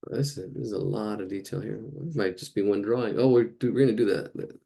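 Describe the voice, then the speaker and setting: Guy teaching a drawing class live, kinda low gravelly voice, just rambling while he draws. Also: a little fast, warm tone. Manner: rambling, chatty, thinks aloud while drawing. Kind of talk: casual live drawing lesson.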